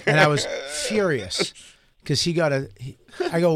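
A man's voice: on the high side, expressive, normal speed, a bit bright, no echo. Blunt, profane man joking at himself. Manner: blunt, profane, self-mocking. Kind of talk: casual chat.

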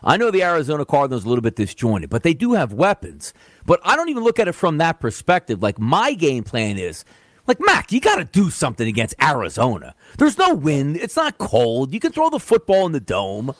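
A man's voice: a little high, huge pitch swings, a little fast, no room sound, studio quality. A man co-hosting a sports betting radio show, talking in a rambling, casual way full of "like" and restarts. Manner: rambling, filler-heavy, lots of "like".

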